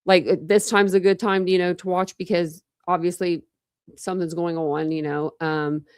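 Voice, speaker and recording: True crime host, young woman, slightly low voice, dry close sound, tired, rambling chat. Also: little pitch movement, moderate pace, a little mellow, clean tone, no echo. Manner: rambling, lots of fillers and restarts. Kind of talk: casual livestream chat with viewers.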